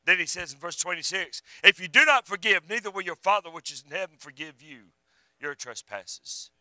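A male preacher delivering a sermon. His voice is high and very bright, and it swings from fervent swells down to near-whispers. The sound is dry and close. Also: animated, moderate pace, no echo, poor audio. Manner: fervent, rising and falling, drops to a hush.

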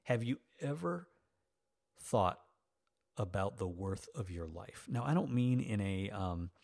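A man's voice: on the low side, expressive, takes it slowly, vocal fry, darkish tone. A man in his fifties, a pastor delivering a sermon, reading scripture and breaking into folksy, self-teasing asides.

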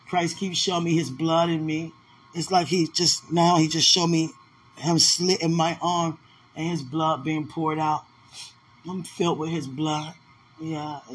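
A woman's voice: deep voice, a little hiss or hum, rough recording. Weepy woman moaning fervent prayers. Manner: fervent and overwhelmed, moaning, repeated cries to God. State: weepy, intermittently crying. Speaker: vlogger sharing a spiritual experience. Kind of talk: emotional spontaneous monologue. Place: at home in an apartment.

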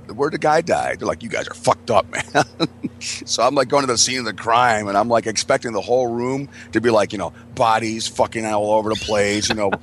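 A man's voice: mid-range voice, slight background noise. A man telling a rambling, profane story in casual chat as a podcast host, laughing as he goes.

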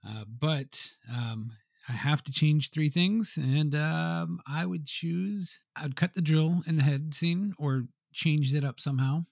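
Male co-host, relaxed chat voice, laughs easily, dry room. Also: fairly high pitch, unhurried, gravelly, no echo. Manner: easygoing, laughs often. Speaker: podcast co-host. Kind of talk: casual movie-review chat.

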